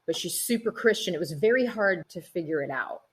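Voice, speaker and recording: Middle-aged actress woman, low husky voice, chatty and animated, interview chat. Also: fairly quick. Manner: chatty, animated storytelling, acts out quoted people. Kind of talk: casual interview conversation.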